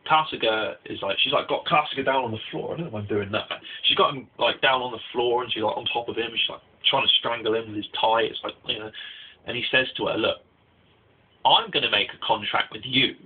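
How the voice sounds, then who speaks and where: A man's voice: mid-range voice, steady tone, quick pace, breathy edge. A young man giving a casual spoken anime review, rambling with restarts and fillers, recorded on tinny phone-like audio.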